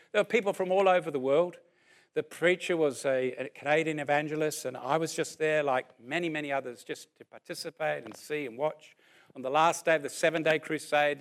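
A man around sixty, preaching a sermon as a lively story and then leading a prayer, acting out what people said. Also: on the high side. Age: about 60. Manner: animated storyteller who acts out what people said.

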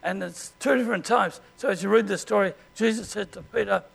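Gravelly high-voiced Australian pastor. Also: male voice, brisk, a bit bright. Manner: conversational, clears throat often. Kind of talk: sermon.

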